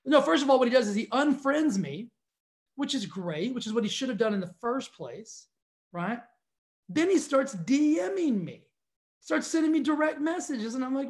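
A fitness studio owner telling viewers a story in a casual, exasperated rant, talking straight to the camera. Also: male voice, very high voice, expressive, moderate pace.

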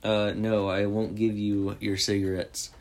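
A man putting on a smug female head nurse, curt and condescending. The delivery is slow and low, with little change from the speaker's own voice. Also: little pitch movement.

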